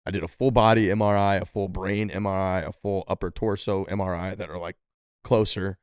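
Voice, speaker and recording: A man's voice: sits low, fairly even intonation, fairly quick, clear, resonant tone, no room sound, studio quality. A man co-hosting a podcast, telling a long story casually with lots of "like" and "dude" and quoting people in changed voices. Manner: rambling, lots of "like" and "dude", quotes others in different voices. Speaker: podcast co-host.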